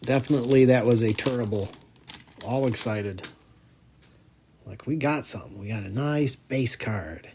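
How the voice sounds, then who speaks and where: A man's voice: mid-range voice, moderate pace, pauses often, a little mellow, a little hiss or hum. A man hosting a live card break, chatting as he calls out each card and groaning when a pack comes up empty.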